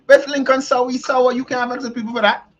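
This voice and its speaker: A man's voice: extremely high pitch, flat delivery, quick pace, fairly bright tone. A man hosting a show, giving emphatic, joking commentary that repeats its points. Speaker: show host. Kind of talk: casual commentary. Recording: dull lo-fi sound.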